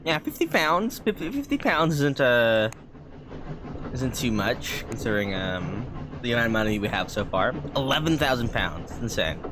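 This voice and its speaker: A man's voice: mid-range voice, big pitch swings, moderate pace, background noise. A man streaming a game, chatting casually and rambling with lots of fillers. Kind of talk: casual gameplay commentary.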